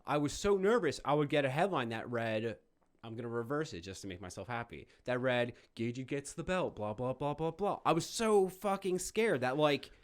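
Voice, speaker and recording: A man's voice: medium pitch, animated, brisk. A man co-hosting a podcast, casually telling a story with lots of "like" fillers. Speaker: podcast co-host. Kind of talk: casual chat.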